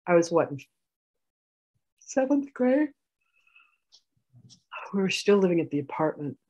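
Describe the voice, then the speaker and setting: A woman telling a personal story in a healing session, animated, acting out arguments and laughing. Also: on the low side, very fast, slightly rough, highs cut off.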